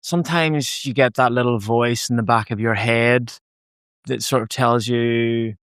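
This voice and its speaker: An Australian man hosting a podcast, relaxed and conversational, swearing now and then. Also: mid-range voice, a little slow, clean tone, no room sound, studio quality. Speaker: podcast host. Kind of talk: casual interview chat.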